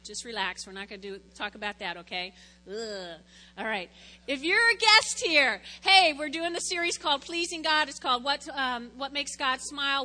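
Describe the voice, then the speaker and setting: A woman pastor preaching a sermon to her congregation, telling a family story in an animated way, with acted quotes. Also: high voice, in a large hall.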